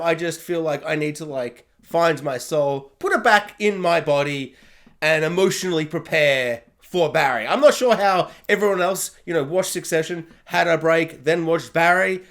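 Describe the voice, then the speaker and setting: A man's voice: fairly high pitch, normal speed, a bit bright. A man giving a casual spoken TV review, rambling along and filling his talk with "like". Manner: rambling, heavy on "like" fillers.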